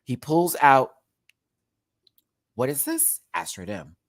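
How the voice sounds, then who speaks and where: Woman host with a very low voice, animated, swears and laughs, rants about episodes on a dry mic. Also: slow, gravelly, no echo. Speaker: host of a live recap show. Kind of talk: casual ranting commentary.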